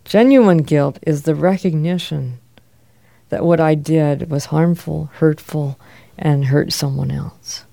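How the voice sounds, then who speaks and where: A man's voice: a little high, slow, gravelly, dark tone, no echo. A man teaching a class, reading scripture aloud and asking his students questions in a conversational way.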